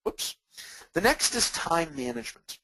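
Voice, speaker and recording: Middle-aged male webinar presenter, lively pitch, dry close mic, plays out customer calls. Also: a little slow, no room sound, poor audio. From Massachusetts. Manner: animated, acts out customer dialogues, self-deprecating jokes. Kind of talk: webinar talk with examples.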